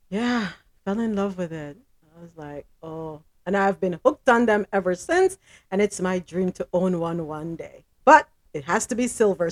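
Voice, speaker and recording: Woman, podcast host, casual chat, lively pitch, blunt, laughs a lot. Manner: animated, laughs often, blunt opinions.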